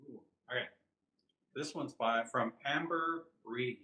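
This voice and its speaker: A man co-hosting a podcast rambles through a listener question, laughing often and leaning on fillers. His voice is bright and forceful. There is a roomy echo around him. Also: mid-range voice, slow pace. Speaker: podcast co-host. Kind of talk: casual chat, answering listener questions.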